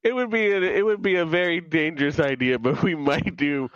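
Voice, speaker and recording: A man's voice: fairly high pitch, fairly quick, fairly bright tone, smooth, no room sound, highs cut off. A man co-hosting a podcast in casual recap chat, wry and chatty, often restarting his sentences. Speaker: podcast co-host.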